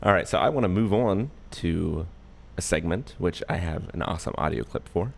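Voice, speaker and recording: Very deep, gravelly-voiced man. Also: moderate pace. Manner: relaxed, jokey, thinks aloud. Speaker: podcast host. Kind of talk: casual podcast chat.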